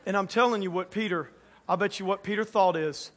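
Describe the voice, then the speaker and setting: A man preaching a lively sermon to a church audience, joking and acting out quotes in a playful way. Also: high voice, brisk, slight background noise. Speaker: pastor.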